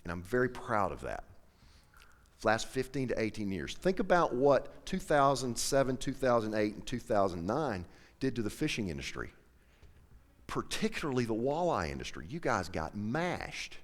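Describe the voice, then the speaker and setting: A man's voice: mid-range voice, very animated, normal speed, big-room sound. A middle-aged man telling an emotional personal story to an audience, acting out the dialogue as he goes. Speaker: professional angler.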